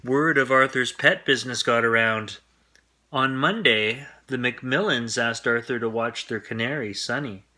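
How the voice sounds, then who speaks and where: A man reads a bedtime picture book aloud with a gentle, friendly manner. His voice has a bright, forward edge. He sits at an ordinary middle pitch. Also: moderate pace. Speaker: storyteller. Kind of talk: bedtime story read-aloud.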